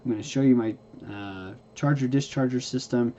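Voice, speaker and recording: A man's voice: medium pitch, moderate pace, mellow. A man teaching hybrid car battery care in a casual, folksy way, tired and yawning, often asking "okay?" and restarting his sentences. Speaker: hybrid car repair instructor. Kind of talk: casual explanatory lesson. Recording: slightly dull lo-fi recording.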